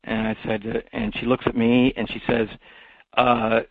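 A man delivering a rambling, repetitive monologue full of restarts and "okay?" tags, at times rising into loud preacher-like exhortation. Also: mid-range voice, little pitch movement, normal speed, dry recording. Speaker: monologue speaker. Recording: tinny phone-like dry recording.

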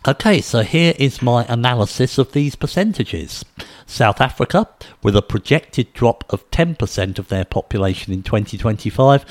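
Man, steady methodical reading of figures, mid-pitched voice, dry close recording. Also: no room sound. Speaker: video commentator. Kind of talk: reading out figures and giving speculative commentary.

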